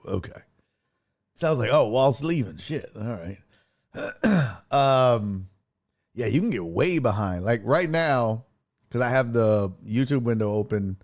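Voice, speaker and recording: Chatty, profane livestream host man. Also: medium pitch. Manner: laid-back, profane, chatty. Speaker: livestream sports talk host. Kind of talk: casual livestream chat.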